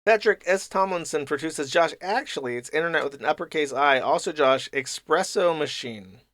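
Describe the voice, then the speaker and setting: A man's voice: fairly high pitch, fairly quick, fairly bright tone, dry recording, clean studio sound. A man hosting a livestream, reading paid donations aloud and answering them with mocking, profane commentary. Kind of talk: casual commentary stream.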